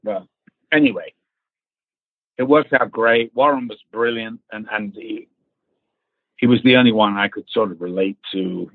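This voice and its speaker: A husky-voiced man spins a lively, profane showbiz anecdote, acting out the other people's lines as he goes. The sound is thin and phone-like, and the room is dry and close. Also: fairly low pitch, a little slow, pauses often, dry recording. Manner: animated storyteller who acts out quotes and laughs. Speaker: actor recounting a film casting. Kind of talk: casual anecdote, swearing freely. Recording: tinny phone-like line.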